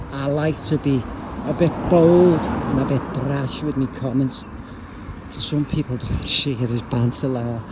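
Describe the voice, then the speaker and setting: A blunt, rambling man talks into his phone while strolling outside. His voice sits at an ordinary middle pitch, and clear traffic and street noise run behind him. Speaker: YouTuber. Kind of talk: casual vlog rant while walking. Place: outdoors on a street.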